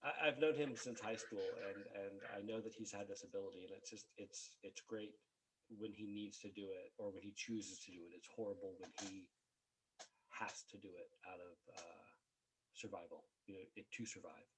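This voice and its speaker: A man hosting a casual discussion show, talking in a halting way with many fillers and restarts. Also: lowish voice, steady tone, far from the mic, slight background noise, low-quality recording. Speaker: podcast host.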